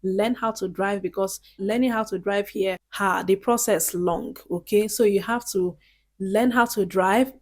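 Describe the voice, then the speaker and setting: A woman's voice: mid-range voice, steady tone, normal speed, few pauses, darkish tone. A woman from Nigeria gives casual vlog advice in a chatty, earnest way, often checking in with her viewers. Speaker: vlogger.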